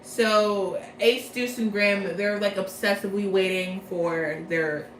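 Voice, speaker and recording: Young woman, casual rambling recap, excitable, self-correcting, roomy room, faint background noise. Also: mid-range voice, unhurried. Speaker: video creator. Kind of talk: casual plot recap from memory.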